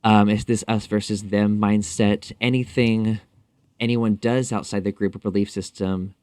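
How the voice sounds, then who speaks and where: Low-voiced man, halting and thoughtful. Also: level tone, a little mellow, clear, resonant tone, no echo. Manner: thoughtful, halting, many fillers. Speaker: podcast guest. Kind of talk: casual interview conversation.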